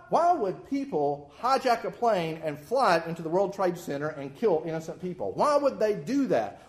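A man preaching a sermon in a folksy, animated way with self-deprecating humor. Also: sits high, moderate pace, few pauses.

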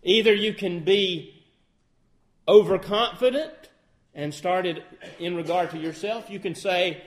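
A middle-aged lay preacher with a high-sitting voice delivers an earnest sermon at a measured pace. He frequently poses questions to his listeners and acts out example phrasings.

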